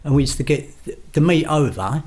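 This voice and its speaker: A man's voice: fairly high pitch, expressive, a little fast, a little mellow. An older man, a podcast guest recounting his past in a blunt, storytelling way and acting out the exchanges he quotes. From London. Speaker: guest, former gangster. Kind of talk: storytelling interview.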